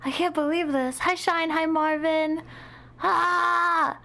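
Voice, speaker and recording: A woman's voice: high voice, fairly even intonation, normal speed, fairly bright tone. A tired young woman streaming from home, chatting casually in a rambling, dramatic mock-complaining way with a sleepy voice. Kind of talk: casual live-stream chat.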